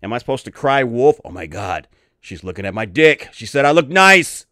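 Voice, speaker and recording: A man's voice: mid-range voice, big pitch swings, normal speed, bright, forceful tone, no room sound, studio quality. A middle-aged man hosting his own channel, ranting angrily with lots of cursing in a profane commentary. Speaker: channel host.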